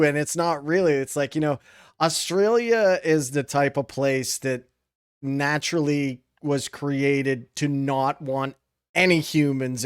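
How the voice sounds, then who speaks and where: A man's voice: on the high side, smooth, dry recording, clean studio sound. A man hosting a podcast in casual conversation, laughing often and giving short replies while his guest talks. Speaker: podcast host. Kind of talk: casual chat.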